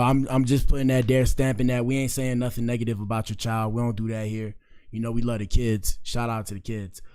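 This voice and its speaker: A man's voice: medium pitch, darkish tone. A young man hosting a casual commentary show, laid-back, full of slang, often saying "bro".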